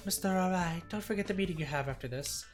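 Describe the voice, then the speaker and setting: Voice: medium pitch, fast talker, soft background music, close to an everyday voice. A streamer doing a polite, anxious female producer. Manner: formal, placating. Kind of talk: voicing a game character while reading aloud.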